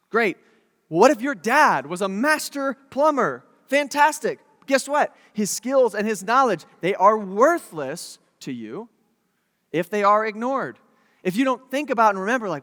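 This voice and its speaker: Animated, high-voiced male pastor. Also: unhurried, big-room sound. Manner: animated, jokey, acts out quotes. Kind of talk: sermon.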